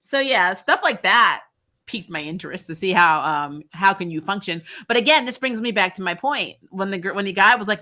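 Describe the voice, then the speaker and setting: A woman talking as a guest in a casual podcast chat, her voice bright and forward. She rants with animation and laughs often between points. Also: mid-range voice, animated, fairly quick.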